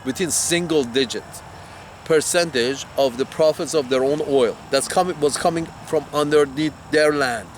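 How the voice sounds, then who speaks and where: A man in a fired-up, profane monologue, his voice sitting a little high for a man. He circles back and repeats himself as he talks, with faint traffic and street noise behind him outdoors. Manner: heated, profane, repetitive. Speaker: commentator. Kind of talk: ranting monologue.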